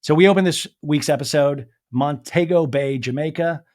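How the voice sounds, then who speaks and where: A man hosting a podcast, recapping a reality show in a lively casual way and acting out the cast's lines. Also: on the high side, normal speed, dry recording, clean studio sound. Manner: animated, acts out cast members' lines in put-on voices. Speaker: podcast host.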